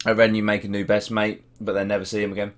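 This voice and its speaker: Reading comments aloud on a live stream, a young Norwich man with the local English accent trades laddish, profane banter. His fairly low voice is completely flat and quick.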